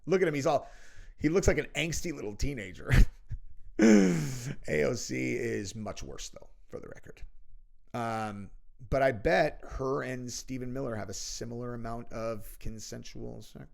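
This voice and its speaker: A man's voice: mid-range voice, measured pace, vocal fry. Brash, profane male commentary host. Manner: brash, profane, mocking, with lots of "dude". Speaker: show host. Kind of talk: crude comedic political commentary.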